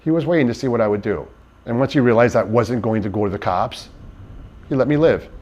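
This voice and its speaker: A man in an interview, giving personal testimony in a halting, earnest way with many restarts. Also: mid-range voice, a little mellow, lo-fi sound. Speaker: interviewee in a docuseries.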